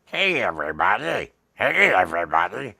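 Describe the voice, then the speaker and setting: A man voicing a cheery male sports-star puppet head, loud and a little unsure as he tries out the voice. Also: low-pitched, very animated, moderate pace, creaky, dry recording, studio quality, pitched above the performer's own voice, heavily acted.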